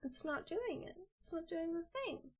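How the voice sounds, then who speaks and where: A woman's voice: very high-pitched, animated, normal speed. A young woman live-streaming, swearing and ranting to herself in exasperation. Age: young adult. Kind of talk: casual live-stream chat.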